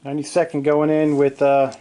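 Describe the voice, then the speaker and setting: A man narrating his own tabletop wargame in a casual play-by-play, excitable, joking and swearing at his dice rolls, recorded in a home basement. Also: fairly high pitch, brisk, a little hiss or hum. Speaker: wargaming hobbyist narrating a battle report.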